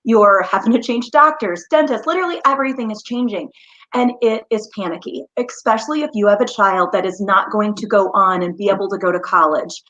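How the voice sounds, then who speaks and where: A woman's voice: medium pitch, a little fast, a bit bright. A woman speaks as a guest on an interview show, earnest and heartfelt as she tells her story. Her audio comes through slightly muffled and dull, as on a remote call. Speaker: guest, mother and small business founder.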